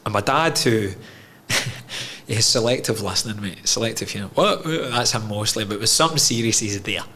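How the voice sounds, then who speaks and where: Man, podcast guest, lowish voice, frank and emotional, swears a lot. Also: moderate pace, bright, forceful tone, slight background noise. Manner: frank and emotional, swears freely, calls the host mate. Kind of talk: candid personal storytelling.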